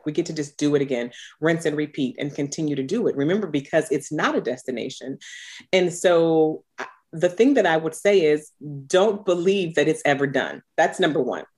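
A woman in her thirties, a coach, talking in an interview in an earnest, unhurried way with conviction. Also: deep voice, lively intonation, darkish tone. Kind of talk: podcast interview, reflective.

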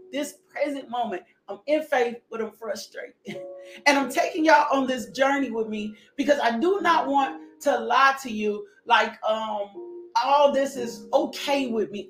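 A high-pitched woman preaches with passion, moving between shouts, laughter and near tears. Her voice rings in an echoey room, with faint music underneath. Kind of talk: sermon.

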